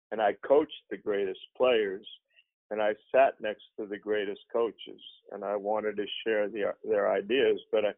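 A man, a former basketball coach, telling a story in a plainspoken, halting way. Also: lowish voice, no room sound. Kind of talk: casual storytelling. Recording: tinny phone-like line.

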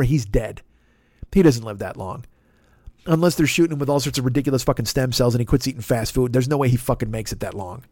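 Comedian guy ranting on his podcast, swears a lot, kinda high voice, dry close mic. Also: a little mellow, no room sound. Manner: exasperated, swearing, stammering restarts. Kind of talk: profane comedic rant.

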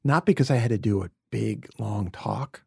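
A man from Brooklyn, a podcast guest, telling reflective personal stories in an earnest, heartfelt way, sometimes dropping to a soft near-whisper. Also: fairly low pitch, moderate pace, vocal fry, slightly rough, dry recording, clean studio sound. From Brooklyn, USA. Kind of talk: earnest conversational storytelling.

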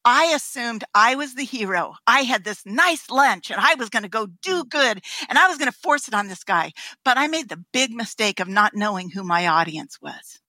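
A woman guest on a podcast telling an anecdote in an animated way, laughing often and acting out voices. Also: on the high side, moderate pace, hardly any pauses, no room sound. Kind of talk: anecdotal storytelling.

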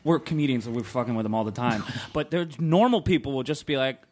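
A man's voice: mid-range voice, quick pace, darkish tone. A man, a comedian, joking around playfully in a casual podcast chat.

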